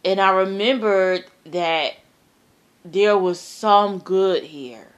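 A woman telling a personal dream story in a casual, earnest way, halting and repeating herself, often trailing off softly. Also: mid-range voice. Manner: earnest, emphatic about the terror.

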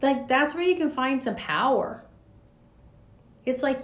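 A woman's voice: high voice, lively intonation, measured pace. A woman in her forties hosting a reflective podcast monologue, speaking earnestly with loose spoken asides. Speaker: podcast host. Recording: echoey room.

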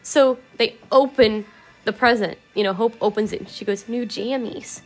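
A woman's voice: medium pitch, normal speed, a little mellow. A woman vlogger telling a story in a candid, rambling way, swearing and laughing now and then. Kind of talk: casual emotional storytelling.

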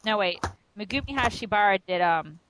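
A young adult woman co-hosting a podcast, chatting in a teasing, halting way. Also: mid-range voice, expressive, fairly bright tone, a little hiss or hum, rough recording. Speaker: podcast co-host. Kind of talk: casual chat.

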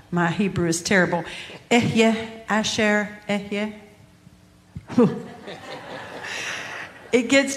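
Woman pastor, lowish voice, earnest, measured explainer, live hall echo. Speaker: pastor and podcast co-host. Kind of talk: live podcast talk on scripture. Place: large hall with a live audience. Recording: hall reverb.

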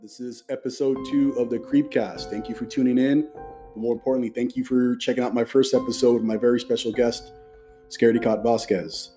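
A man's voice: mid-range voice, fairly even intonation, fairly quick, mellow, soft background music. A man hosting a podcast in casual, chatty talk, effusive and full of loose restarts. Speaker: podcast host.

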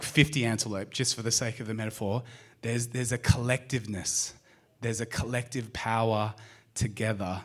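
A man with an Australian accent preaching a sermon, speaking straight to the congregation with lively questions. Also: medium pitch. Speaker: pastor. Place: church service.

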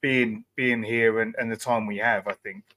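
A man co-hosting a casual conversation, speaking reflectively and softly. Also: lowish voice, steady tone, normal speed. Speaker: co-host.

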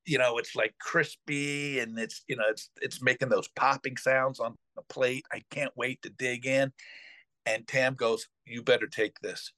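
A middle-aged man hosts a podcast, casually telling a family story in an animated retelling that rambles with fillers and restarts. His voice is medium in pitch and unhurried, with no echo.

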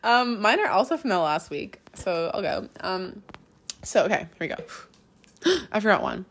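A young woman co-hosting a casual podcast, chatty and quick to laugh. Her voice sits at a middle pitch, and she swears freely as she tells stories. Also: very animated, fairly bright tone. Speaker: podcast co-host. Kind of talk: casual chat.

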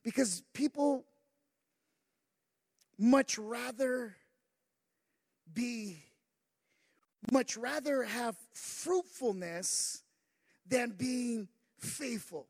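A male pastor with a very high voice delivers a sermon. He swings between low asides and shouted, sing-song stretches, dropping "uh" between phrases. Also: drawn-out words, long pauses. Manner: builds from quiet asides to shouted, sing-song preaching with many "uh" fillers.

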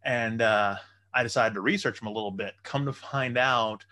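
A man with a bright, forceful voice in casual chat, telling long rambling stories and swearing freely. He is trying to buy a comedy club, and his delivery is loose and conversational. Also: medium pitch, normal speed. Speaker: would-be comedy club owner.

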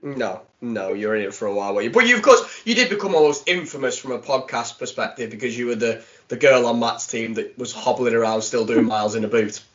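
A man's voice: mid-range voice, brisk, hardly any pauses, fairly bright tone. A man hosting a podcast in casual interview chat, encouraging his guest with short follow-up questions. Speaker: podcast host. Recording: lo-fi podcast audio.

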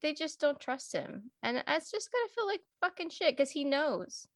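A woman co-hosting a casual podcast chat about a TV show, animated and swearing freely. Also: high voice, moderate pace. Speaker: podcast co-host.

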